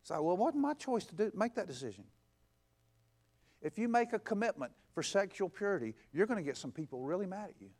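A pastor preaching a conversational sermon, stacking emphatic, repeated phrases and acting out what people say. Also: male voice, high-pitched, sing-song, a little fast, darkish tone. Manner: repetitive, emphatic build-ups.

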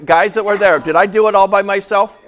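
A man's voice: high voice, fairly even intonation, a little fast, a bit bright. Chatty pastor joking with his congregation. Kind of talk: casual sermon. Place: small church.

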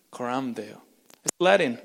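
Guy pastor preaching, kinda high voice, gets loud then real quiet, stumbles and repeats, big echoey church. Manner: impassioned, swinging between loud urgency and hushed emphasis; repeats words and restarts mid-phrase. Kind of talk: sermon. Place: church sanctuary. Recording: long reverb of a large church.

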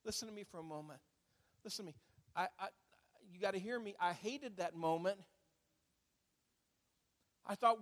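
A man preaches a sermon, telling a story to his congregation and stopping now and then to ask them questions. His voice sits high for a man. The sound rings with the long reverb of a large hall. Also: expressive, fairly quick, vocal fry, long pauses, fairly bright tone. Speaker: pastor.

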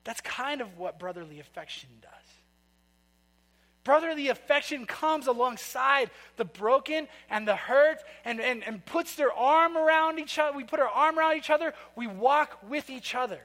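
High bright-voiced preacher in echoing hall. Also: male voice, animated, normal speed. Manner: conversational storytelling, asks the congregation questions. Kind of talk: sermon. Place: church sanctuary. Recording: long reverb of a large hall.

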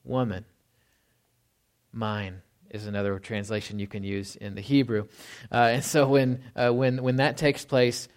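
A man preaching a sermon in a relaxed, conversational way, often checking in with "right?" and slowing down to read scripture. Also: mid-range voice, smooth. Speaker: pastor.

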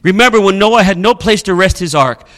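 A middle-aged man preaching a sermon in a high, bright voice. He delivers it with emphatic, storytelling force. His pitch sits well above most men's, with a sharp, forceful edge. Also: fairly quick. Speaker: pastor.

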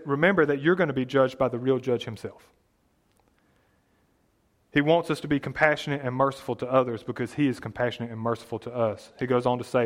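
A man preaching a sermon, earnest and emphatic, reading scripture aloud and explaining it plainly. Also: mid-range voice.

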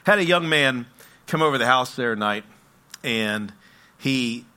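Animated, bright-voiced male preacher. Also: medium pitch, unhurried, clear, resonant tone. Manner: storytelling, animated, swings between hushed and loud. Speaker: pastor. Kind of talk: sermon.

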